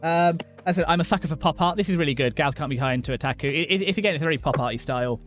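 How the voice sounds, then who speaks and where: A young British man hosting a livestream, rambling and joking excitably with many restarts. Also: fairly high pitch, racing, soft background music. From Britain. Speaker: VTuber streamer host. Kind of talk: casual livestream chat.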